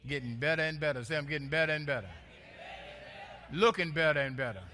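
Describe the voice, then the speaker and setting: A man's voice: fairly high pitch, fast, bright, forceful tone. A male pastor preaching a sermon with call-and-response, playful and laughing with the congregation.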